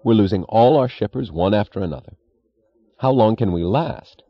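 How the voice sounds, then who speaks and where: A man's voice: on the low side, animated, moderate pace, no echo, dull audio, voice pushed up. A man reading an audiobook voices an earnest, worried young railroad assistant who speaks urgently and plainly. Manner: urgent, pleading, plain-spoken.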